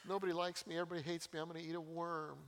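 Man imitating a whiny self-pitying churchgoer, complaining, raised pitch. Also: level tone, rapid-fire, a bit bright. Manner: mock-whining, complaining.

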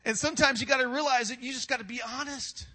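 A man's voice: very high-pitched, steady tone, quick pace, pushed and bright. A male pastor preaching a sermon in a casual, conversational way, tossing in rhetorical questions and humor.

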